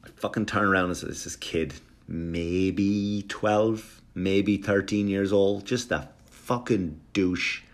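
A middle-aged man spins a rambling comic monologue in a fairly low voice. He swears freely, stumbles and restarts, and now and then jumps into shrill, exaggerated impressions. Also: takes it slowly. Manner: rambling, animated, profane, with sudden high-pitched impressions. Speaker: storyteller.

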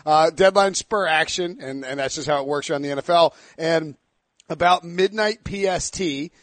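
Quick, joking man hosting a podcast. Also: fairly high pitch, a bit bright, no room sound. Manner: quick, joking, laughs often. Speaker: podcast host. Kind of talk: casual sports podcast chat.

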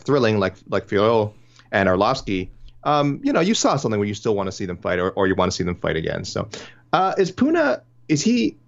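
A man's voice: fairly low pitch, vocal fry, dull audio. A man co-hosting a casual podcast, rambling, correcting himself mid-sentence and laughing easily. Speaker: podcast co-host. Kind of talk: casual podcast chat about fight matchmaking.

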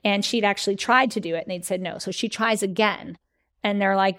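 Woman guest, animated storyteller, mid pitch, conversational. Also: a little fast. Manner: animated storyteller, acts out quoted letters. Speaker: guest author, historian. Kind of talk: conversational interview.

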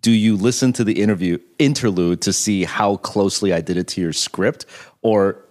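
A man's voice: fairly low pitch, normal speed, darkish tone. A man hosting a podcast, talking in an easygoing way, backing up his co-host and asking follow-up questions. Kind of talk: casual podcast conversation.

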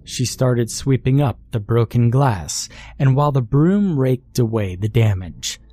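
A man reading a horror story aloud as scripted narration, measured and deliberate. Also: mid-range voice, animated, warm tone, no echo.

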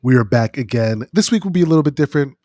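A man's voice: medium pitch, expressive, quick pace, warm tone, dry recording. Sniffly man hosting a money podcast. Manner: casual, with frequent "um" and restarts. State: sick with a cold, sniffly. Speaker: podcast host. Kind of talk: solo finance news podcast.

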